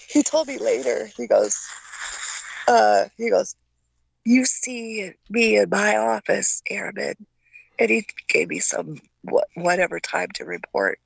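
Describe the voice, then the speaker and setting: Older woman guest from Taiwan, gravelly and husky voice, dry close sound, halting storyteller. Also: fairly high pitch, dry recording. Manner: stammering, acts out voices in her stories. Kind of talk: casual storytelling.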